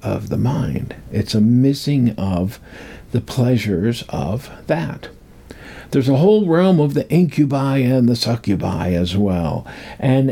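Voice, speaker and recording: Gravelly older man, rambling and chuckling. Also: medium pitch, mellow. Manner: rambling, chuckling, acts out voices. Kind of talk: casual storytelling talk.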